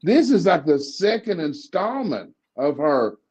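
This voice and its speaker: A man's voice: a little high, big pitch swings, measured pace, darkish tone, slightly rough. A man with a Southern accent co-hosting a casual political chat show. He talks bluntly, often stammering and restarting his sentences. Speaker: co-host, cartoonist.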